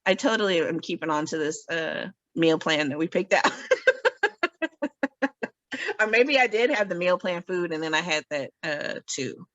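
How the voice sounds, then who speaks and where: Woman, lowish voice, casual podcast chat, self-mocking, laughs a lot, dry close sound. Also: expressive, normal speed, long pauses, a bit bright, dry recording. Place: podcast recording.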